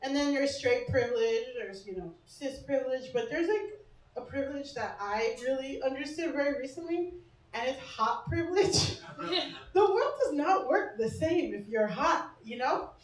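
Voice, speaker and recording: A young woman with a high, lively voice hosts a small comedy bar show and does a stand-up set at normal speed. Brash and self-mocking, she swears freely and often breaks into laughter. The audio is echoey and picked up from a distance.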